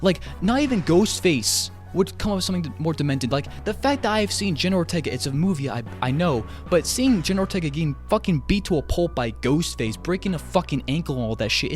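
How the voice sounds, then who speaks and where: A man ranting in an online commentary video, exasperated and swearing heavily as he jumps between tangents. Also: a little high. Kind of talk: profane commentary rant.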